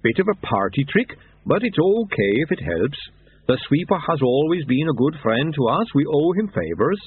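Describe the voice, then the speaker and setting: A man voicing a calm, good-natured male yeti who speaks in an unhurried, matter-of-fact way, over tinny narrowband audio. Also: fairly high pitch, breathy edge, voice pushed up, full character voice. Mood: placid.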